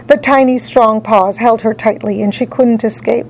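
A woman narrating a children's story in an expressive read-aloud style. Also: on the high side, normal speed, a little hiss or hum, poor audio. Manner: animated, dramatic storytelling.

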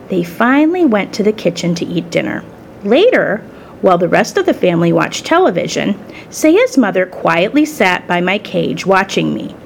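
A woman reading a children's story aloud in the first person, with expressive storytelling. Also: lowish voice, normal speed, gravelly, slight background noise. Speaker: storybook reader.

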